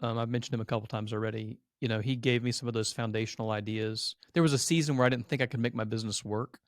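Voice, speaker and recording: A man's voice: medium pitch, fairly even intonation, quick pace, no room sound, clean studio sound. A man in his thirties, a podcast guest who owns an agency, telling his story candidly and earnestly, open about being a crier. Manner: earnest and emotional, a self-described crier.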